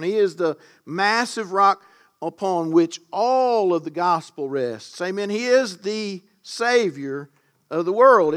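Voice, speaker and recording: Emphatic man preaching a sermon. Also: high-pitched. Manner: emphatic, rising to loud stresses on key words; conversational asides to the congregation.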